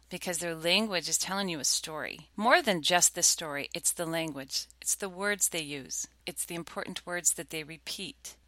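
Chatty woman host, bright dry voice. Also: on the low side, dry recording. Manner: chatty, warm-toned storytelling with acted quotes. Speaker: podcast host. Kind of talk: casual instructional talk.

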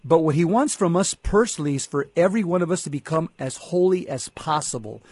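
A man's voice: a little high, animated, brisk, darkish tone, breathy edge, no echo. A man co-hosting a Catholic talk show, speaking earnestly and often repeating words as he gets going. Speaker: Catholic radio co-host. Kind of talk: casual faith talk show chat.

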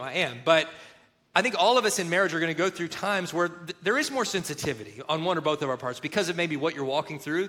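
Bright, earnest man talking marriage and faith. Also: on the high side. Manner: earnest, animated storytelling with acted-out quotes. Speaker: co-host of a marriage show. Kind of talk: faith-based marriage talk.

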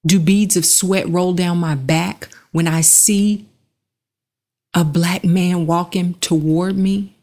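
A woman giving an earnest, measured reflective monologue that leads the listener through slow breathing, pausing between phrases. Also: fairly low pitch, fairly even intonation, warm tone.

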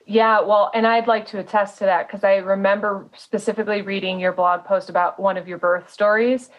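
A woman's voice: medium pitch, steady tone, brisk, lo-fi sound. A woman hosting a casual podcast interview, effusive and affirming toward her guest, with lots of fillers. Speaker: podcast host.

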